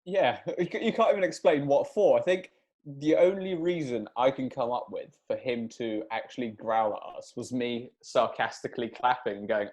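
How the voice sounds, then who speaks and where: A man's voice: medium pitch, normal speed, a little mellow. A young man, co-hosting a casual podcast, telling a story and chuckling along the way. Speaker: podcast co-host. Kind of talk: casual chat.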